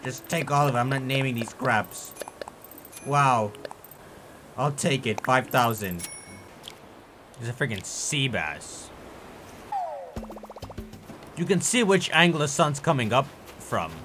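A young man giving let's play commentary, with excitable and exaggerated frustrated rants. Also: mid-range voice, slow pace, pauses often, music in the background. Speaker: gaming YouTuber.

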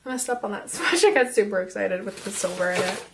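A young woman casually reviewing makeup as she swatches it, chatty and excitable and half losing her voice. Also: mid-range voice, quick pace, creaky. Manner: chatty and excitable, drops to whispers. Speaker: beauty vlogger.

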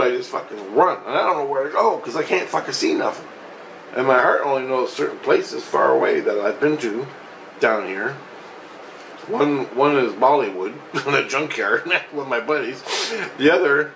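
A man's voice: medium pitch, a bit bright, a little hiss or hum, poor audio. A man telling a personal story in a rambling, agitated, profane way, restarting often. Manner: profane, agitated, restless retelling with frequent restarts.

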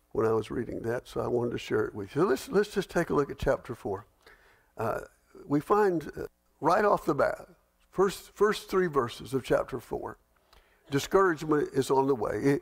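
A man's voice: mid-range voice, creaky. A middle-aged male pastor leading a Bible study, telling folksy stories and reading scripture aloud.

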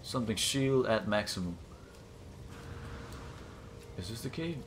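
Excitable young man narrating his gameplay. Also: on the low side, unhurried, a little hiss or hum. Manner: excitable, gasps and exclaims often. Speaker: gaming channel host. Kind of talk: casual let's-play commentary.

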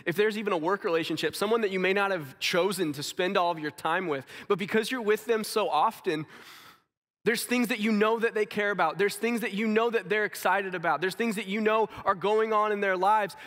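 Earnest preacher man in reverberant sanctuary. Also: sits high. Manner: earnest, acts out quotes, drops to soft tones for stories. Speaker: pastor. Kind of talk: sermon. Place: church sanctuary.

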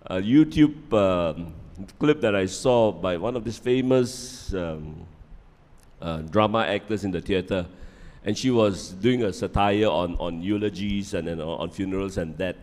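A man's voice: lowish voice, darkish tone, big-room sound. A middle-aged man giving a conversational parenting talk, often repeating words and checking in with "yeah?". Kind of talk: live lecture with humor.

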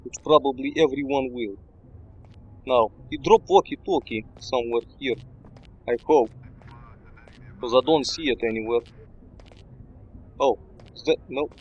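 A man commentating casually on his gameplay in broken English, bursting into excited shouts. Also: medium pitch, a little slow, long pauses, slightly rough, highs cut off. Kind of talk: casual let's-play commentary.

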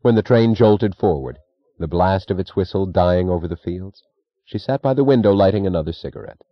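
A man narrating an audiobook in a measured, even reading. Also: deep voice, no room sound, muffled recording. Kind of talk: scripted narration.

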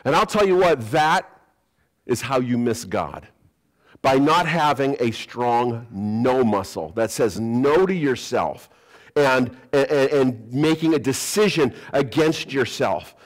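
A man's voice: medium pitch, expressive, slow, poor audio. A man preaching a sermon as pastor, telling stories with humor and acting out quoted voices. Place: church sanctuary.

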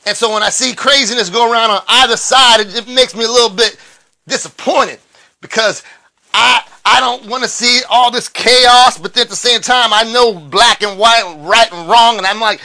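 A man, chatting loudly and excitedly on a phone live stream. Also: extremely high pitch, moderate pace, faint music behind. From Texas. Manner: excitable, loud and chatty, drawling. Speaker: livestream host and musician. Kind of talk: casual live stream chat.

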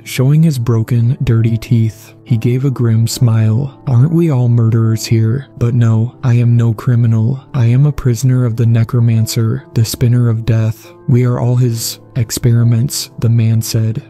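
A man giving scripted first-person horror narration in a slow, measured, even delivery. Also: medium pitch. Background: faint music.

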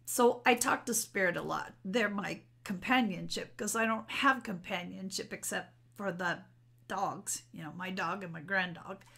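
A middle-aged spiritual vlogger talks unscripted to her camera at home, rambling in a candid, personal way, picked up by the camera mic. Her medium-pitched voice moves at a moderate pace and sounds creaky, pushed, and bright, with a breathy edge.

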